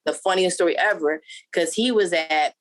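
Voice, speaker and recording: A woman's voice: lowish voice, normal speed. A woman in her thirties, a football player and guest, chatting casually and acting out quotes as she tells stories. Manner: animated storyteller, acts out quotes. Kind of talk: casual interview chat.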